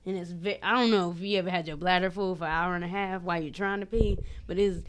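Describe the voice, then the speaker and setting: A woman's voice: fairly low pitch, quick pace, clean tone. Laughing woman comedian telling stories. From Cleveland, Ohio. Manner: animated storytelling, acts out quotes with laughter. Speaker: comedian guest. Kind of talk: casual podcast chat.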